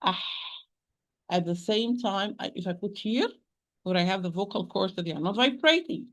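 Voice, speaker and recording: A woman with an Arabic accent teaching Quran pronunciation, repeating sounds slowly and patiently to demonstrate them. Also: medium pitch, expressive. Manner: addresses listeners as "my dear sister". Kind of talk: pronunciation lesson.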